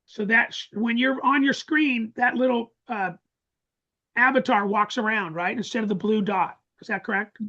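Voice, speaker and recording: A man presenting a live webinar, talking excitedly with many restarts and stammers over a video call. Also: sits high, normal speed, lo-fi sound. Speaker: course presenter. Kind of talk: casual live webinar talk.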